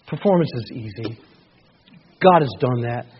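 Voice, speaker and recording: A man preaching a sermon in a conversational way, with asides, who rises to loud, excited shouting. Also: medium pitch, measured pace, a little hiss or hum. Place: church sanctuary. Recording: dull lo-fi church recording.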